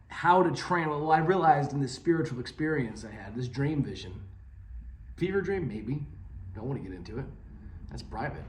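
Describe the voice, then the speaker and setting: A man giving a rambling, deadpan, mock-serious comedic monologue from his home basement. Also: medium pitch, roomy sound. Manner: rambling, deadpan, tangent-prone. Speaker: comedy video host.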